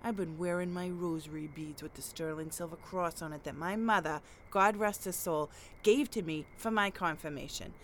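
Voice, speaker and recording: A woman's voice: lowish voice, moderate pace, a bit bright, slight background noise, natural voice. An actress playing a brash, confrontational middle-aged neighborhood woman in a comedy sketch. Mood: combative. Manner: brassy, confrontational, working-class bluster.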